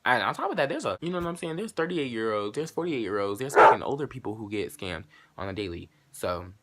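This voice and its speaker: In a very noisy recording, a teenage vlogger in his late teens rattles off a story to camera at high speed. He's animated and profane, performing both speakers' lines with sudden spikes in pitch and loudness.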